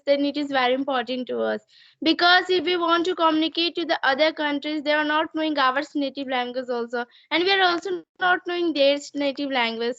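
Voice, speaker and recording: A woman's voice: high-pitched, a bit bright, no room sound. A young woman from Jharkhand with an Indian English accent, asking questions in an online English practice call in simple, earnest sentences. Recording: muffled online call audio.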